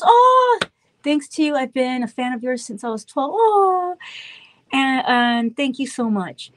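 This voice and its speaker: A woman's voice: sits high, sing-song, measured pace, low-quality recording. Chatty woman with a childlike voice. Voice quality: childlike, slightly babyish voice. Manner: chatty, warm-hearted, rambling with self-interruptions. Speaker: host of a virtual meet and greet. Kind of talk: casual chat with fans. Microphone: phone.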